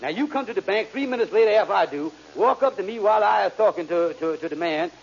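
An actor playing a smooth-talking male schemer who poses as a foreign sheep herder, stalling with uhs and slangy, ungrammatical talk, in 1940s radio comedy acting. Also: sits high, animated, fast talker, muffled recording, exaggerated voice. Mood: scheming. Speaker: comic lead in a radio sitcom. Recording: scratchy old radio broadcast with hiss.

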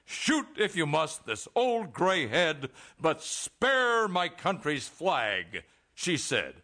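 A man acting a pushy, smooth-talking government official in a comedy radio sketch, brisk and officious. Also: on the high side, sing-song, bright, forceful tone, full character voice.

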